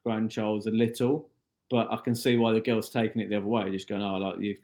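A man's voice: on the low side, level tone, brisk, a little mellow. A man co-hosting a podcast in casual chat, often restarting his sentences as he thinks aloud. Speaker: podcast co-host.

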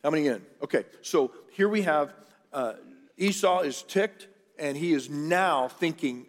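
Chatty middle-aged pastor in an echoing hall. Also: male voice, fairly high pitch, lively intonation, unhurried. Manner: chatty, jokey asides to the congregation. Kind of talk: conversational sermon storytelling. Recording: long church hall reverb.

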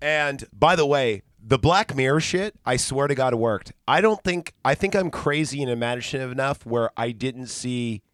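A man's voice: medium pitch, moderate pace, few pauses, no room sound. A man hosting a podcast, telling a story in casual chat, swearing freely and acting out the people he quotes. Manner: profane, animated, acts out quoted people. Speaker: podcast host.

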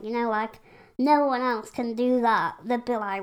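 A woman's voice: on the high side, fairly even intonation, moderate pace, clear, resonant tone. A woman from England talking frankly and casually as a podcast guest, with lots of "like" and "you know". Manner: chatty, frank, lots of fillers. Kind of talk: casual conversation.

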